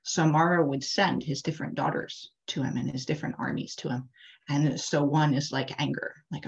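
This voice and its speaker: A woman's voice: low-pitched, steady tone, moderate pace, vocal fry. A woman interfaith leader telling a sacred story in a casual, chatty sermon, with frequent fillers, over a video call. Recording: dull lo-fi video call audio.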